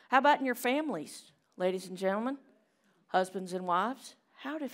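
Woman, middle-aged, preacher, sermon, storytelling, church chapel. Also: fairly low pitch. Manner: storytelling, shifts between loud emphasis and hushed asides.

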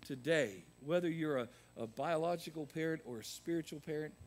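A man preaching a sermon as pastor, swinging from loud emphatic peaks to quieter asides. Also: on the high side, fairly quick, a little hiss or hum. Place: church sanctuary.

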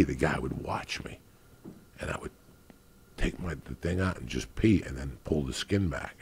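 Male stand-up comic, low and gravelly, telling a profane, rambling story. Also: darkish tone, slight background noise. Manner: crude, swearing, restarts mid-sentence. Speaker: stand-up comedian.

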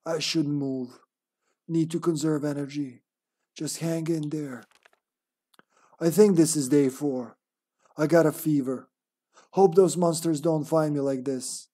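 A man doing a hushed, weary infected sailor. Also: fairly high pitch, fairly even intonation. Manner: slow, hushed, weary diary reading in a put-on monster voice. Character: lonely infected male ship officer writing a diary.

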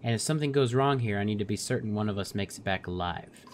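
A man voicing a calm, wise mystic woman in a game, reading her lines in a slow, measured, solemn way. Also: fairly low pitch, slight background noise, close to an everyday voice. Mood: earnest.

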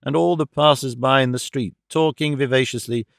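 Steady male audiobook narrator. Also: medium pitch, fairly quick, creaky, no echo, studio quality. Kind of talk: scripted narration of a classic novel.

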